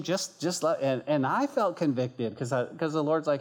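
A man's voice: on the high side, animated, moderate pace, few pauses. A man preaching a sermon as a church pastor, earnest and conversational, acting out quoted prayers and remarks in a raised voice.

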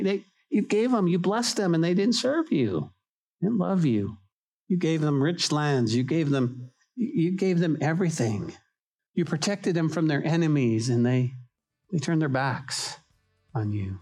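A man's voice: on the high side, very animated, a little slow, darkish tone. Man preaching a fervent sermon. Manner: impassioned, repetitive restarts, acts out little quoted prayers. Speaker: pastor.

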